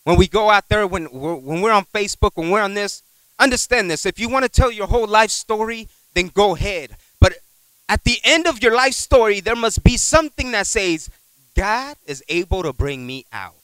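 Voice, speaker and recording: A man preaching a sermon in a conversational, animated way, telling a personal story, repeating words and asking the congregation for an amen. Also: high voice, moderate pace, smooth, dry recording, low-quality recording. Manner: animated, acts out voices in his stories.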